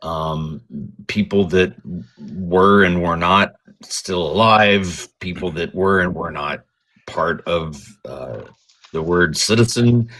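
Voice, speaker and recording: A man, a regular panelist on a live political talk show, speaking haltingly with many ums and restarts. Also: sits low, fairly bright tone. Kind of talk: casual political chat.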